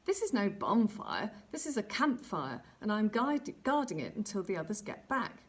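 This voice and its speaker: A woman's voice: medium pitch, wildly swooping pitch, normal speed, slightly rough. A woman voicing a cheerful, confident boy scout who teases a little, in a storybook reading. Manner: bright, bossy, teasing.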